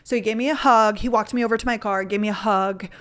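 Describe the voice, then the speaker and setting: A woman's voice: mid-range voice, fairly even intonation, quick pace, a bit bright, smooth. A young woman telling a dating story in a casual, rambling way, with lots of "like" and gushing asides. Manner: gushing, rambling, filler-heavy with frequent "like". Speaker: vlogger.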